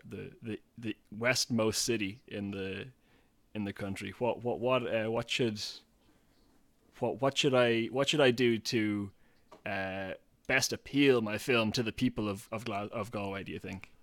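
A man talking casually as a guest, halting and repeating himself as he searches for words. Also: on the low side, fairly even intonation, a bit bright, no room sound. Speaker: guest filmmaker. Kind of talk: casual chat.

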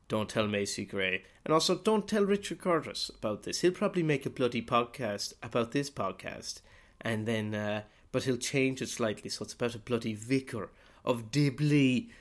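Rambling, sweary man with a lowish voice. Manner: rambling, sweary, with sudden loud outbursts. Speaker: podcast host. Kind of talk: comic monologue in character as a priest.

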